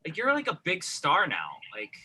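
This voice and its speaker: A man's voice: high voice, huge pitch swings, normal speed, a crowd in the background. A man performing online improv comedy, rambling earnestly with lots of fillers.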